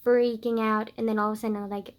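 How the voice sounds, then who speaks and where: Teen girl vlogger, a touch high-pitched, rambling and animated storytelling, filler-heavy. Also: fast talker. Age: late teens. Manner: chatty, heavy use of "like", swings between loud outbursts and quiet asides. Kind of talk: casual chat, storytelling.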